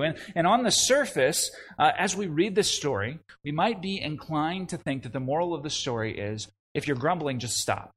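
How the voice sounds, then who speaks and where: A young adult man preaching a sermon, animated, with frequent restarts and conversational asides. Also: on the high side, normal speed, hardly any pauses, breathy edge. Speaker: pastor.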